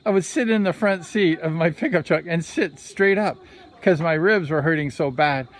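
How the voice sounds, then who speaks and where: Male former racer, casual vlog storyteller, slightly high-pitched, rambling and conversational. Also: normal speed. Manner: rambling, conversational, self-correcting. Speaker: former motorcycle speedway racer.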